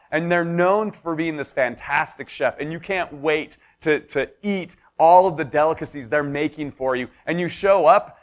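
A man preaching a sermon as pastor, telling the story in a conversational way with everyday examples and building intensity. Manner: storytelling, builds to impassioned pitch.

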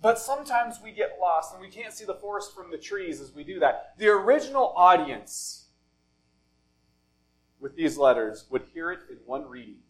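High-voiced male pastor preaching. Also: sing-song, low-quality recording. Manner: deliberate phrasing, often dropping to a soft, low close. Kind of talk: sermon.

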